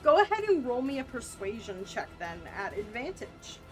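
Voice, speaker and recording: A woman narrating as game master, unhurried and conversational, with fillers. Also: fairly high pitch, very animated, music in the background.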